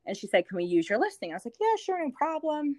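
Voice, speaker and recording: A New Orleans woman who went from real estate agent to TV host tells stories in a casual chat, giggling and using lots of fillers. Her high, very animated voice is fast and darkish, in a dry recording.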